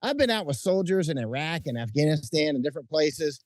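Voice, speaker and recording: A middle-aged man chatting outdoors at night as an interview guest, telling animated stories with frequent restarts and chuckles. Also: a little high, a little fast, no room sound, clean studio sound. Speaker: interview guest, combat correspondent. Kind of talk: casual interview chat. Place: outdoors at night under lights.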